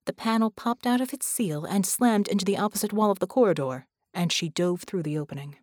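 A woman narrating an audiobook in a measured, steady reading voice. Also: mid-range voice, dry recording, studio quality. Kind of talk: scripted narration.

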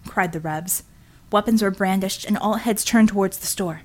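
A woman's voice: medium pitch, moderate pace. Woman narrating an audiobook. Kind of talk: scripted narration.

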